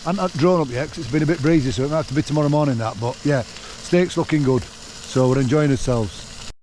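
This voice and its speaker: A man's voice: on the high side, fast, a little mellow, a little hiss or hum. A man, chatting casually to camera at a wild camp, a joking storyteller full of fillers. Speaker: vlogger. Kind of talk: casual outdoor vlog chat. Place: outdoors at a wild camp in wind.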